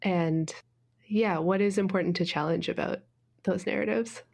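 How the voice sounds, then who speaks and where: A woman podcast host asking a thoughtful, slightly halting interview question. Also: mid-range voice, gravelly, a little mellow.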